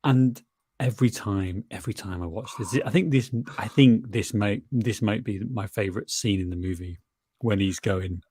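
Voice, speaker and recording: Halting low-voiced male podcast host. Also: a little mellow, husky, no room sound. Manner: halting, repeats words while searching for them. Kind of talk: casual chat.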